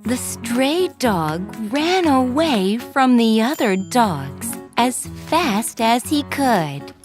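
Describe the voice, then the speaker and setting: A woman narrating a children's story in a gentle, expressive way. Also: fairly high pitch, drawn-out words. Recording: faint background music.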